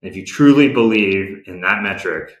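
A man's voice: low-pitched, normal speed, echoey room, low-quality recording. A man who runs a game company, answering interview questions in a candid, practical way and often restarting his sentences.

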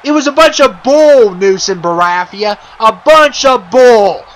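A man voicing an angry sore-loser male wrestler who shouts and blusters. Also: sits high, measured pace, poor audio.

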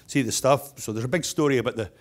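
A man's voice: mid-range voice, fast. Chatty middle-aged man telling stories. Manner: humorous storyteller, chatty with restarts. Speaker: keynote speaker, stonemason business owner. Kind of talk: anecdotal keynote speech.

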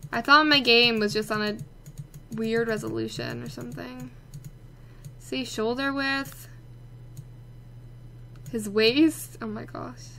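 Brief: high, bright woman narrating her gameplay, playful and chatty. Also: expressive, slow pace, long pauses, a little hiss or hum. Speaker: let's play gamer. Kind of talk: casual gameplay commentary.

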